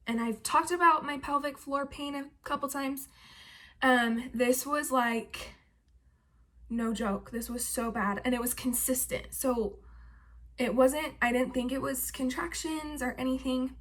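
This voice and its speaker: Chatty young woman vlogger, slightly high voice. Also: a bit bright. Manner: chatty, filler-heavy with frequent "like" and "um". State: heavily pregnant. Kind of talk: casual pregnancy update.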